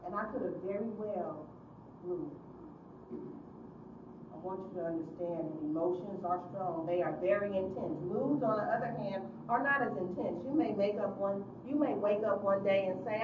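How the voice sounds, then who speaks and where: A woman youth counselor giving an expressive public speech and telling stories straight to her audience. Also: medium pitch, noisy background. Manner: expressive storyteller with direct address. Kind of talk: public speech with acted-out story. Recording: echoey room from a distance.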